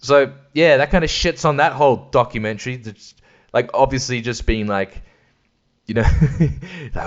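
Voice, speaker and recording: A man's voice: mid-range voice, measured pace, highs cut off. A man talks alone on his podcast. He rambles, swears a lot, laughs often and mimics voices. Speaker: podcast host. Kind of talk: casual solo chat.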